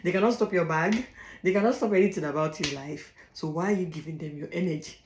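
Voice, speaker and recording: A woman's voice: lowish voice, fast, echoey room, slight background noise, poor audio. A young African woman giving blunt advice in a casual monologue, stressing her points by repeating phrases. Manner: emphatic, repeats phrases, laughs between points. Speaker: vlogger.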